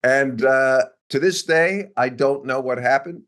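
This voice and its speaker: A man's voice: medium pitch, measured pace. A man in his sixties, a guest in an interview, telling a story about his career in a conversational way, acting out the quotes and chuckling along. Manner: animated anecdote-telling with acted-out quotes and chuckles. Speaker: interview guest, biotech executive.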